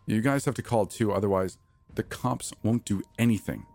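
A man's voice: lowish voice, moderate pace, creaky, a little mellow, pitched above the performer's own voice. A man voicing a panicked young female college student, pleading desperately. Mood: frantic.

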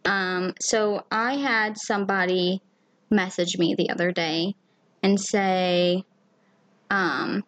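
A woman's voice: medium pitch, fairly even intonation, takes it slowly, fairly bright tone. A woman in a mid-range voice chats on her podcast, open and heartfelt with frequent swearing. She reads listener messages and muses on being vulnerable, in an easy, unscripted way. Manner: candid and emotional, swears freely. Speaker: podcast co-host. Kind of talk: casual chat.

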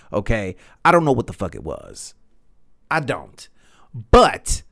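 Rambling man telling a podcast story. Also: medium pitch. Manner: rambling, animated, swears freely, says "man" and "you know" a lot. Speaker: podcast host. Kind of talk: casual storytelling monologue.

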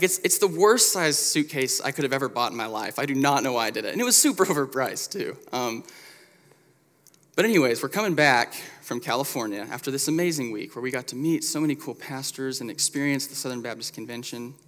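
A young man in his twenties preaches a casual, self-deprecating sermon. His voice sits at an ordinary middle pitch and carries a long reverb from a church sanctuary. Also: fairly bright tone. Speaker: pastoral resident preaching. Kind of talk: sermon with personal story.

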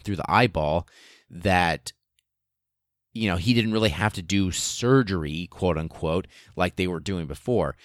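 A man's voice: deep voice, no echo, clean studio sound. A man hosting a podcast, telling a story in a casual, comedic way with lots of swearing. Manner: profane, animated, comedic. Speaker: podcast host.

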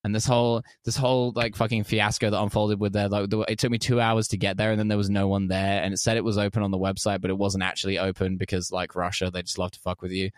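A man's voice: on the low side, quick pace, few pauses, smooth, dry recording, clean studio sound. Profane English man telling stories. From England. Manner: profane, animated storytelling with voiced quotes. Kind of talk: casual podcast chat.

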